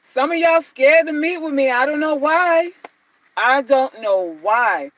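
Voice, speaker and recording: A woman's voice: sits high, expressive, a little slow, a bit bright, slight background noise, poor audio. A woman dating-advice vlogger talking casually and bluntly to viewers, slangy, mocking and repetitive.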